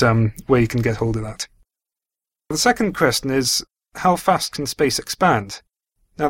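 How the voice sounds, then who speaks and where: A man answers listeners' astronomy questions on a podcast, explaining in a measured way. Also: mid-range voice.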